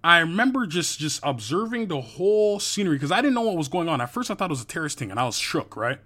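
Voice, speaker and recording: A man hosting a podcast, talking in an emphatic, animated way and swearing casually in a group discussion. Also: fairly high pitch, quick pace.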